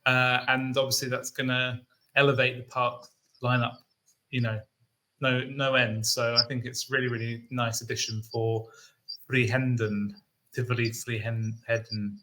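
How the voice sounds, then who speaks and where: On a low-quality recording, a UK co-host talks unhurriedly at a medium pitch. It's laid-back enthusiast podcast banter, and he frequently pauses on "um" and other fillers.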